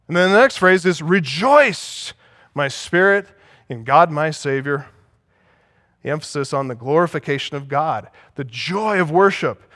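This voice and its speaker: A man's voice: high-pitched, a bit bright, dry recording, studio quality. A man preaching a sermon as pastor, teaching and asking the congregation for agreement.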